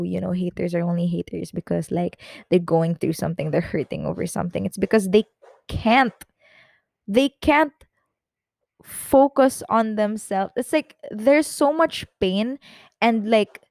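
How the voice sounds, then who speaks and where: A woman's voice: medium pitch, gravelly, darkish tone, dry recording, studio quality. A young woman hosting her own podcast, talking in an emotional, rambling way, tearful at times. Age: young adult. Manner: emotional, rambling, with many restarts and fillers. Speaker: podcast host. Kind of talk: personal confessional chat.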